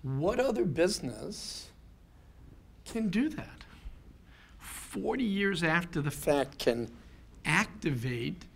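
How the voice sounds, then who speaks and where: A man in his fifties speaks on stage with a fairly high voice, taking his time over each phrase. His delivery is earnest and personal, and it builds to strings of emphatic rhetorical questions. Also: expressive, slow pace, vocal fry, pauses often, husky. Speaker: keynote speaker. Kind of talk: personal storytelling talk.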